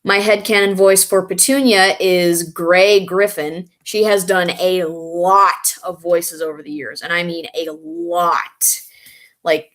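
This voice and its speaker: A young woman vlogging in a casual, rambling way, stopping now and then to recall names. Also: fairly low pitch. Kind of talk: casual chat reading and answering comments.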